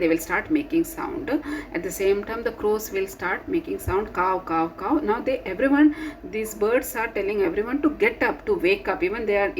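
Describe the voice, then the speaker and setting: A woman's voice: mid-range voice, slight background noise, low-quality recording. A woman teacher who reads the text aloud and explains it to young children. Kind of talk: classroom lesson explanation.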